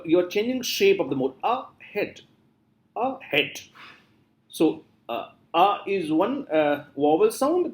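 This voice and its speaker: Middle-aged male professor, lively intonation, repeats words slowly for students, lots of fillers. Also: on the high side. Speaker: literature lecturer. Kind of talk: classroom lecture.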